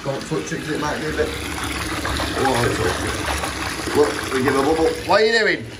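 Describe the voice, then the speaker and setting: A man's voice: on the high side, animated, normal speed, very noisy. A father with a playful, coaxing, encouraging way of talking, in a casual home video recorded in a bathroom. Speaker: father bathing the family dog with his kids.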